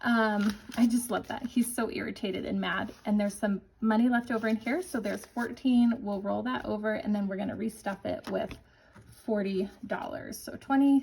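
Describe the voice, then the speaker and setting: A woman in her forties chatting casually to viewers as a budgeting vlogger, upbeat and chatty, counting cash out loud. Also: mid-range voice, steady tone, moderate pace, gravelly, slight background noise, rough recording. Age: 40s. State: slightly winded.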